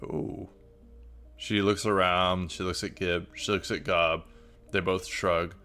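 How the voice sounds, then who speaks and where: A man's voice: deep voice, little pitch movement, slow pace, sharp tone, faint music behind. A man narrating as game master in a rambling, hesitant way with many fillers.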